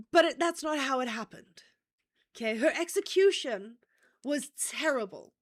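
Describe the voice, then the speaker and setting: On her livestream, a woman with a high-sitting, fairly bright voice tells a true-crime story at a measured pace. Her delivery is chatty and easygoing, peppered with "okay?" check-ins and offhand cursing.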